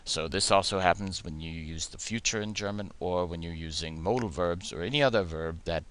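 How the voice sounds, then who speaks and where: A man teaching German grammar in a recorded lesson, methodically explaining forms and slowing down to model the German words. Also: sits low, fairly bright tone.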